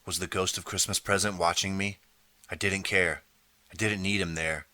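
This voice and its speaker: A man narrating a children's audiobook in the first person, steady storytelling. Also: sits low, normal speed, no room sound.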